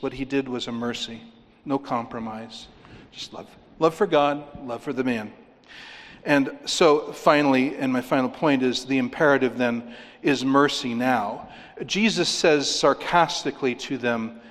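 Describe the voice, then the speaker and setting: A man preaching a sermon, rising for key points and dropping low and quiet for stress. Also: measured pace, in a large hall. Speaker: pastor.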